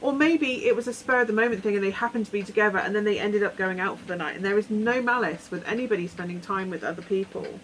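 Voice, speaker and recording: A woman's voice: mid-range voice, a bit bright, slight background noise, low-quality recording. A woman giving a rambling, earnest tarot reading, often acting out imagined conversations. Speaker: tarot reader. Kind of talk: weekly tarot reading, casual advice.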